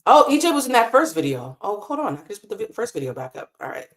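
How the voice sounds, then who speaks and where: A woman's voice: on the high side, very animated, fast talker, a bit bright. A woman hosting a live stream, talking in a casual, impassioned and emotional way and swearing freely. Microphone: desk mic in a hotel room.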